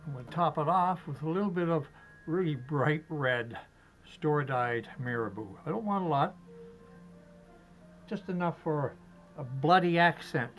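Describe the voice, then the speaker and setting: A man demonstrating fly tying step by step, chatty and relaxed, talking to himself as he works. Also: a little high, moderate pace, pauses often, soft background music, rough recording. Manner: chatty, talks to himself while working, chuckles.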